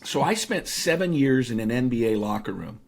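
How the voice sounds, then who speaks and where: Man, 50s, from the Seattle area, podcast guest, anecdotal, animated, casual storytelling. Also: medium pitch, brisk, vocal fry. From Seattle area, United States. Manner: animated, anecdotal, frequent fillers. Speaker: guest, speaker and author.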